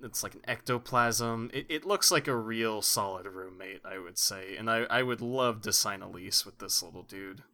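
A man's voice: fairly low pitch, moderate pace, few pauses, pushed and bright. A man co-hosting a podcast, chatting casually and rambling in a mock-sincere, earnest way. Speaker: podcast co-host. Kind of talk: casual comedic chat.

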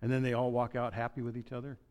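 A man in the middle of his pitch range gives a sermon in a conversational, joking way, breaking off for asides and restarting his sentences. His voice carries the long reverb of a church hall. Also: completely flat delivery, fast talker, a little mellow, clean tone. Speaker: pastor.

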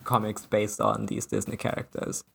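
A man from Italy talking about comics in an easygoing, meandering way, with lots of filler words. He sounds like a podcast co-host chatting with friends at a relaxed pace, circling back as he goes. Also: on the low side, normal speed, gravelly, husky. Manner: rambling, full of "like" fillers. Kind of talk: casual comic book discussion.

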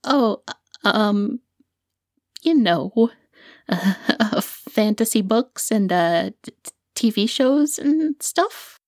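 Brief: woman as jittery young student, slow halting speech, dry close sound. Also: mid-range voice, lively intonation, darkish tone, no echo. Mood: anxious. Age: young adult. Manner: nervous, stammering, many fillers. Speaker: student and podcaster.

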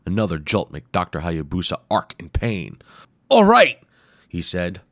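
A man's voice: low-pitched, normal speed, a bit bright, dry recording, studio quality. A man narrating an adventure story dramatically, acting out the sound effects himself.

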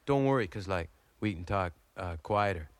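An actor playing a dim, easily flustered Canadian hoser on a comedy album, rambling and bickering with lots of fillers in a Canadian accent. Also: male voice, low-pitched, expressive, moderate pace, no echo. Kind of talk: improvised comedy album sketch.

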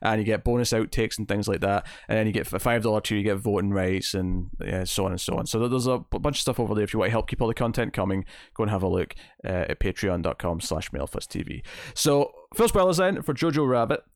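This podcast host talks fast in a low-leaning male voice, barely pausing as he casually reviews a movie. His delivery wanders, full of fillers and restarts. It's clean studio audio with no echo.

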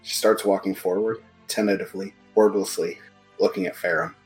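A man narrating a tabletop role-playing game as game master, in a measured way that drops to a whisper at times. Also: lowish voice, little pitch movement, breathy edge, soft background music.

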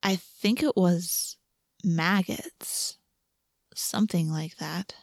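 A puzzled young girl , as a woman narrator puts her on, speaks in a hushed whisper. The sound is close and dry. It is an audiobook reading. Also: on the low side, slow, creaky, no echo.

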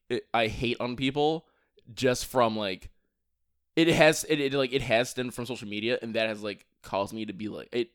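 A man's voice: mid-range voice, fairly bright tone, no room sound. A young man co-hosting a casual podcast, ranting with lots of false starts and swearing. His voice sits mid-range and sounds close and dry, with no room around it. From Virginia. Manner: ranting, restarts a lot, swears often. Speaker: podcast co-host. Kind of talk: casual chat.

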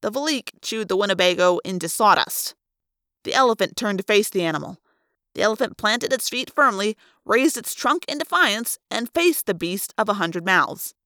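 A woman narrating a fan read-aloud of a novel in a lively, expressive way. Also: medium pitch, moderate pace, no echo, clean studio sound.

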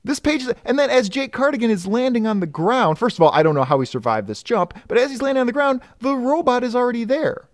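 A man's voice: very high-pitched, big pitch swings, fast talker, few pauses, no room sound, studio quality. A man co-hosting a casual podcast, critiquing a comic with exasperated, nitpicking energy. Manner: exasperated, picks apart details. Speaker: podcast co-host reviewing a comic.

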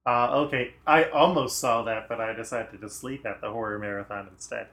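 Man, podcast co-host, casual movie chat, trivia, mid-pitched voice. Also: fairly even intonation, fairly quick, fairly bright tone. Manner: chatty, trivia-sharing, lots of agreeing murmurs.

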